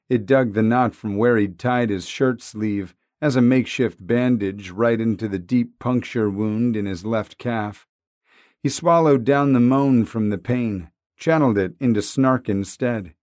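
A man reading a novel aloud in a wry, conversational way. His voice sits at a middle pitch, and the recording is close and dry with no room sound. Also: a little slow, darkish tone, dry recording. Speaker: audiobook narrator. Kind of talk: scripted narration.

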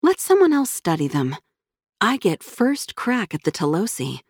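A woman narrator voicing an eager young female anthropologist talking to herself, in a slightly raised, brisk manner. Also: medium pitch, huge pitch swings, slightly rough, no echo, studio quality, exaggerated voice.

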